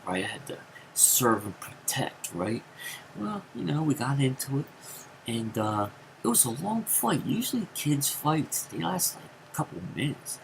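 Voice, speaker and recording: A man telling a rambling story in a casual vlog, with many fillers and sudden jumps into high acted quotes. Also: fairly bright tone, a little hiss or hum, rough recording. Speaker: vlogger.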